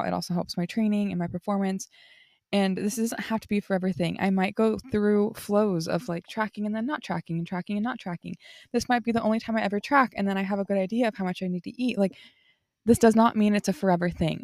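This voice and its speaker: A woman's voice: medium pitch, a little mellow, no echo, clean studio sound. A young woman hosting a podcast, talking from the heart in a rambling, casual way, with lots of "like" and restarts. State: tearful. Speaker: podcast host. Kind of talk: casual unscripted monologue.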